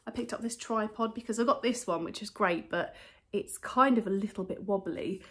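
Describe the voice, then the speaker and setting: A British woman talks easily to her phone camera at home, her speech loose and chatty. She rambles, doubles back and fixes her words mid-sentence, all at an ordinary middle pitch. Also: moderate pace, a bit bright. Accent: British English. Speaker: vlogger showing a charity shop haul. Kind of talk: casual chat to camera.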